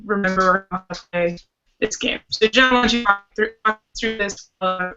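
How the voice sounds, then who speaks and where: A woman's voice: mid-range voice, normal speed, bright, forceful tone, faint music behind. A woman hosting a live board game podcast, chatty and rambling. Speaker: podcast host. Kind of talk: casual live-stream chat. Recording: muffled web call audio.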